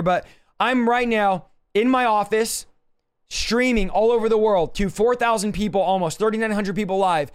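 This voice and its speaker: A man's voice: high voice, moderate pace, clear, resonant tone. A man pastor, livestreaming a Bible teaching from his home office in an urgent, emphatic preaching manner.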